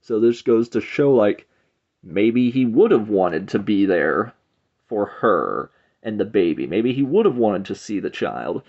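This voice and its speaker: A man's voice: lowish voice, very animated, a little slow, darkish tone. A man giving a casual spoken review of a comic book, loose and rambling, leaning on "it's like" between thoughts. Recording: dull lo-fi recording.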